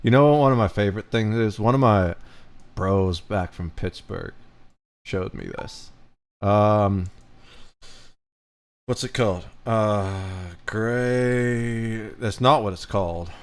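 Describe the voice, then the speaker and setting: A man from the United States streaming, reacting to videos and telling stories in an animated, rambling way. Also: fairly low pitch, slow pace, long pauses, smooth.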